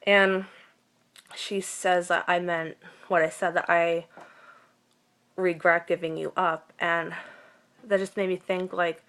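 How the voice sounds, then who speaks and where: Woman, casual recap vlog, lowish voice, gushing, emotional, lots of ums. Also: steady tone, slow pace, pauses often, bright, forceful tone. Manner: emotional, gushing, many fillers. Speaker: TV recap vlogger.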